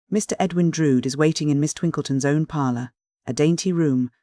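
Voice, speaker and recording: An audiobook narrator reading a classic novel at a calm, measured pace, mid-pitched and even. The sound is close and dry, with no room echo.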